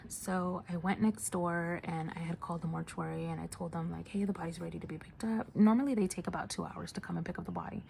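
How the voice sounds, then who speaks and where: Casual storyteller: a nurse speaking softly with a low, fry-edged voice, chatty with lots of fillers, over a light hiss. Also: female voice, steady tone, quick pace, few pauses. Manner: soft, hushed delivery with many fillers. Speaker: hospice nurse telling a story.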